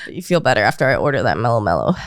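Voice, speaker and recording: A young woman co-hosting a podcast in casual chat, relaxed and laughing often. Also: very deep voice, racing, dry recording. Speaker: podcast co-host.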